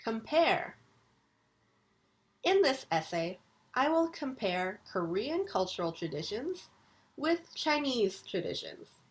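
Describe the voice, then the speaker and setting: A woman university English lecturer recording a video lesson, enunciating vocabulary words slowly and deliberately. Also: on the high side, sing-song.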